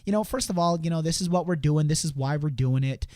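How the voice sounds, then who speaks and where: A man's voice: on the high side, fast talker, a little mellow, no room sound, studio quality. Rambling man coaching sales. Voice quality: rambling, repeats words and restarts, acts out quotes in a raised voice. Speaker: sales coach hosting a show. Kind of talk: casual coaching talk.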